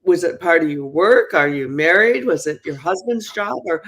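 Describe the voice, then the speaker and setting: A woman with a low voice hosts a relaxed interview. She keeps her guest talking with short murmurs of agreement and asks curious questions one after another. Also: normal speed. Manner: encouraging, many small listening sounds and laughs. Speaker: host. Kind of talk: casual interview.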